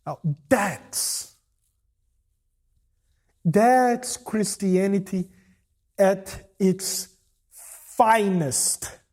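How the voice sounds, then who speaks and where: A man who is a pastor, preaching a sermon in an animated way and acting out the voices he quotes. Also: high voice, very slow, pauses often.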